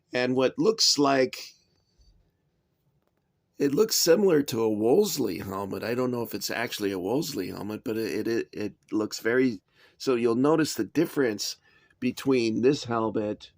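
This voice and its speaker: A man's voice: mid-range voice, no echo. Rambling man in a dry room. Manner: rambling, chatty, frequent uh and um, dry asides. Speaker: toy soldier collector reviewing figures. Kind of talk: casual show-and-tell review.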